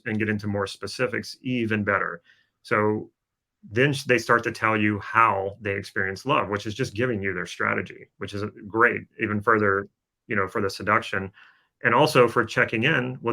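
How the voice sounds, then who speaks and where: A man on a podcast explains his method in a relaxed, coaching way. He hesitates often and restarts his sentences. His voice sits low but sounds bright and forward. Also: gravelly. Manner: explanatory, coaching tone with frequent fillers. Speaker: podcast co-host. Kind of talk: casual podcast chat.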